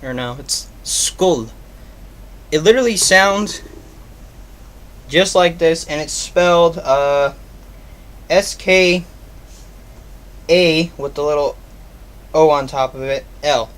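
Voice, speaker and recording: A man's voice: a little high, takes it slowly, pauses often, a bit bright. A man giving a casual video review, rambling with many ums and uhs. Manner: rambling, filler-heavy, offhand. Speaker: product reviewer.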